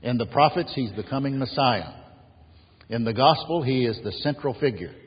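A man's voice: mid-range voice, normal speed, husky. A man preaching an earnest sermon as pastor, building emphasis on key phrases. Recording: dull lo-fi sound in a reverberant hall.

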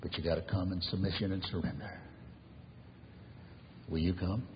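A man preaching a sermon as pastor, earnestly, rising loud and then falling to a near whisper. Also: sits low, little pitch movement, normal speed, slight background noise. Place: church sanctuary. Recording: dull reverberant church recording.

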